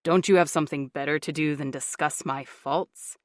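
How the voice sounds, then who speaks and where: A woman's voice: low voice, fairly even intonation, normal speed, dry recording, studio quality, voice pushed down, natural voice. A woman narrator voicing a stubborn, reserved man who speaks in a guarded way.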